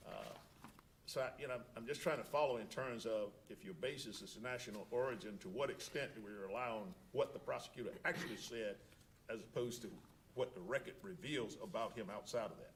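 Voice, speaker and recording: A man presiding as an appellate judge, questioning a lawyer in court. His voice sits at a middle pitch. He thinks aloud, restarting sentences as he works through a point. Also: fairly quick, a little hiss or hum.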